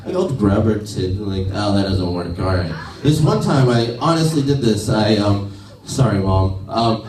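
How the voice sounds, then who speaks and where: A young man does stand-up in a comedy club, rambling and loose, his pitch jumping high and low. He sounds a touch raised for a man. The recording comes from far off in a roomy, echoing space. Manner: lively, rambling, many "like"s. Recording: echoey room recorded from afar.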